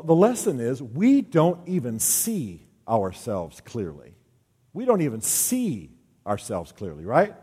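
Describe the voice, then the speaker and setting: A man's voice: mid-range voice, darkish tone. A man giving a joking, conversational talk to a men's group, acting out the voices he quotes. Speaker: speaker at a men's gathering. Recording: long hall reverb.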